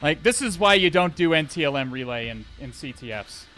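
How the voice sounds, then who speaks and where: A man's voice: fairly high pitch, lively intonation, a little fast, bright, forceful tone, soft background music. A man live-streaming a hacking session, talking to viewers in an exasperated way, swearing, sighing and restarting his sentences. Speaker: livestreamer.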